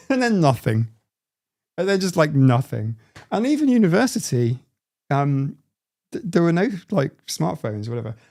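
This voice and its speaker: Man, forties, live stream host, gravelly voice, stop-start chatter, answering viewer comments. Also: fairly high pitch, big pitch swings, dark tone. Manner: halting, frequent restarts and self-interruptions.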